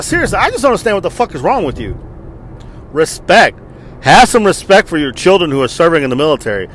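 A man's voice: fairly high pitch, a bit bright, a little hiss or hum. A man in his forties and army veteran telling a story in a casual, profane and exasperated rant.

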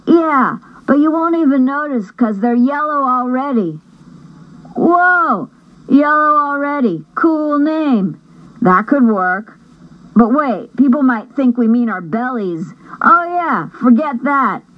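A woman's voice: high voice, expressive, highs cut off, voice pushed up. A woman voicing two rowdy young brothers trading goofy, teasing jokes. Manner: fast, goofy, teasing banter.

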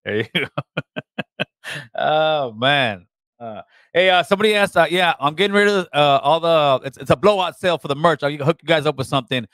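A man's voice: on the high side, animated, moderate pace, fairly bright tone, no room sound. A man hosting a call-in talk show, speaking casually and calling callers brother. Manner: laid-back, calls people brother and man.

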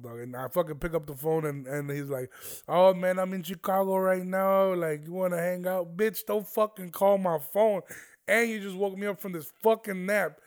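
Profane rambling young man, slightly high. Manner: profane, rambling slangy storytelling. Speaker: podcast host. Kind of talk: casual solo monologue.

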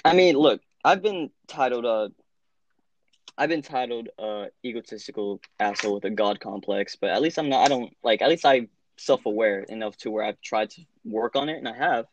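A man's voice: medium pitch, normal speed, no echo. A young man in casual chat, blunt and profane, full of filler words and restarts.

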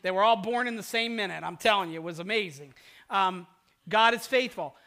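An older man, a pastor, preaching a sermon and telling stories, swinging between loud outbursts and hushed, quiet passages. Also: high-pitched, fairly quick.

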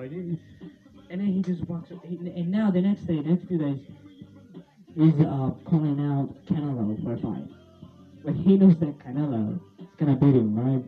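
Speaking at a moderate pace in a slightly high voice, this young man vlogs in a loose, rambling rant. He keeps repeating himself and frequently laughs and curses. Faint music plays under a thin, phone-like recording.

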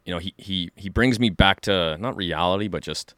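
A man's voice: deep voice, normal speed, a bit bright, no echo. A man co-hosting a podcast in a studio, chatting casually and enthusiastically, rambling with lots of fillers and restarts. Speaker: podcast co-host. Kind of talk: casual chat.

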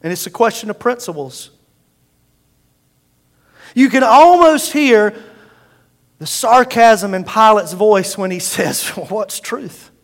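A man's voice: high-pitched, animated, slow pace, long pauses, long reverb tail. A male pastor preaching a sermon with emphatic delivery, calling out to the congregation for responses.

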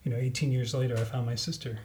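A man telling a personal story in a relaxed podcast conversation, acting out the voices of the people in it. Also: medium pitch, very fast. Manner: animated, acts out quoted voices. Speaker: podcast guest. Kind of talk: casual storytelling.

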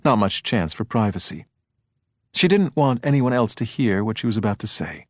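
A man giving scripted audiobook narration in a steady, even storytelling manner. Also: fairly low pitch, normal speed, dry recording, clean studio sound.

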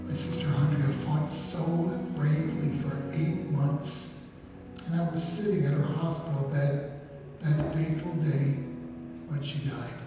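A man's voice: a little high, fairly even intonation, unhurried. A man giving a heartfelt, earnest motivational talk to an audience in a large hall. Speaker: motivational speaker. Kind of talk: emotional public presentation. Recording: echoey hall from far off, faint music.

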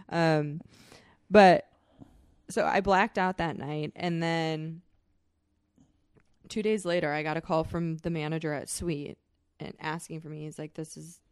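A young woman spins a rowdy story for her podcast, swearing freely and breaking into laughter. Her voice sits a little low. The sound is dry and close, with no room around it. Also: no echo. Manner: profane, animated storyteller, laughs often. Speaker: podcast co-host. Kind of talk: casual chat, storytelling.

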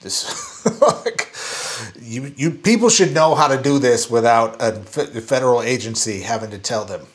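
A man's voice: mid-range voice, normal speed, few pauses. A man co-hosting a podcast, chatting casually in a thoughtful, hedging way with lots of fillers. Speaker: podcast co-host.

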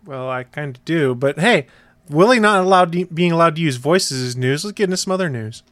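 A man hosting a podcast in a relaxed, wry way, his voice sitting a little high. The sound is dry and close, with no room around it. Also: fairly quick, no room sound. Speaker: podcast host. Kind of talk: casual chat.

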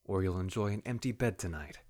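A man's voice: low voice, fairly quick, a little mellow, no echo, studio quality. A man voicing a fierce young female Valkyrie warrior, defiant and growling.

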